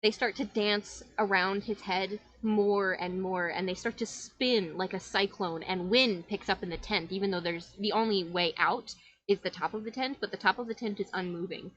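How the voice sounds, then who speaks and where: A woman's voice: mid-range voice, moderate pace, a bit bright, dry recording, muffled recording. A woman narrating a tabletop game as game master, in flowing, descriptive storytelling.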